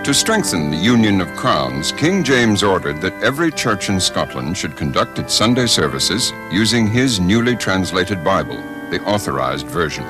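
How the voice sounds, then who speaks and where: A man narrating a documentary in a measured, scripted way. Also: sits low, sing-song, music in the background.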